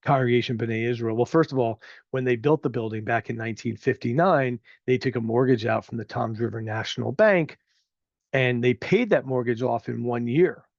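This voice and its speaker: A man's voice: medium pitch, moderate pace, dry recording, dull audio. A man in his fifties from New Jersey hosting a local talk show, giving opinionated commentary in a chatty, rambling way with plenty of filler words. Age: 50s. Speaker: show host.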